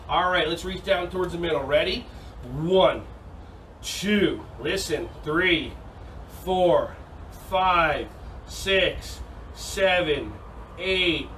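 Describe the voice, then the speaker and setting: A man teaching a silly, energetic online yoga and karate class for kids, teasing them and calling out counts over a video call. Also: high voice, normal speed, recorded from a distance, slight background noise, poor audio. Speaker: kids' yoga and karate instructor. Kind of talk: playful online kids' class.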